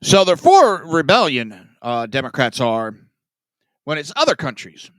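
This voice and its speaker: A man hosting a political commentary podcast, sarcastic and profane, sighing and swinging between loud outbursts and mutters. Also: on the high side, wildly swooping pitch, measured pace, no room sound. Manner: sarcastic, profane, self-mocking. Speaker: podcast host.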